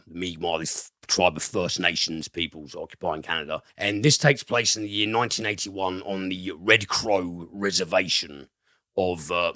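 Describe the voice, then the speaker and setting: A man reviews films on a casual podcast, rambling and swearing freely. His voice is very low yet bright and forceful. The recording is close and dry. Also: no room sound. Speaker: podcast host and film reviewer. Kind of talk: casual film review chat.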